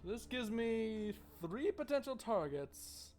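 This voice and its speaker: A man's voice: sits high, big pitch swings, takes it slowly, darkish tone, soft background music. A man streaming a live board game playthrough, chatty and joking while thinking aloud about his moves.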